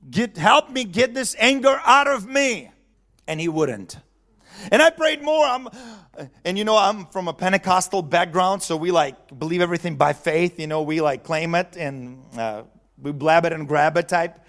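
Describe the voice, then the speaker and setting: A man's voice: on the high side, animated, normal speed, a bit bright. A man preaching a sermon in a conversational way, chuckling often and asking the audience questions.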